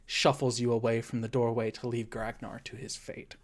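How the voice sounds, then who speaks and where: A woman running a tabletop game as dungeon master, setting scenes in slow descriptive narration. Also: extremely low pitch, flat delivery.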